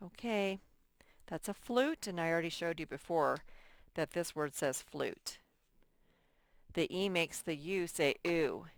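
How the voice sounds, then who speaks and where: A first-grade teacher with a lowish voice leads young children through a reading lesson, unhurried and with long pauses. She draws out words and sounds out letters, and the recording is dry.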